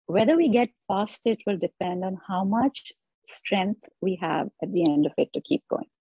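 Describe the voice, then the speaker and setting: Husky-voiced woman. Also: medium pitch, animated, normal speed, warm tone, no echo. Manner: earnest, quotes others in mock voices. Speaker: interview guest, author on sexuality. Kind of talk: reflective interview talk. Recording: dull lo-fi sound.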